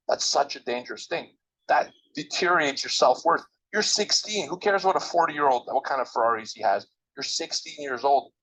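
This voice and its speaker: A man's voice: medium pitch, fairly bright tone, poor audio. A man interviewed as a guest trader, giving emphatic, motivational advice straight to the listeners. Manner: emphatic, coaching, direct address to listeners.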